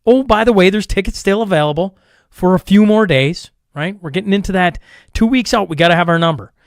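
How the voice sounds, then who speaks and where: A cheerful podcast host, pitched a bit high, rattling off sponsor plugs in a loose, chatty ramble. He often circles back to fix what he just said. The sound is close and dry, with no room around it. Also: fairly quick, dry recording. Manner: upbeat, rambling, restarts and self-corrections. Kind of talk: casual ad reads and show intro.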